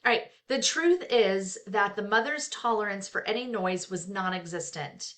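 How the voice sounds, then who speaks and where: A middle-aged woman reads from a book in an easy, conversational way. She keeps pausing to add candid comments of her own, full of "you know" and "like". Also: medium pitch, a bit bright. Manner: reads aloud then breaks off into frank, chatty asides with fillers. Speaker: therapist reading and discussing a book. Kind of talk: casual book reading with commentary.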